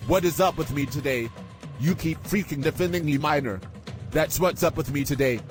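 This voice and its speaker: A bossy, hot-tempered young guy, as a man plays him, with a higher-than-usual voice that turns easily to insults. Music plays clearly behind him. He sounds like an everyday hobby-drama character. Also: normal speed, close to an everyday voice. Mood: furious. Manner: shouting insults, then earnest apologies.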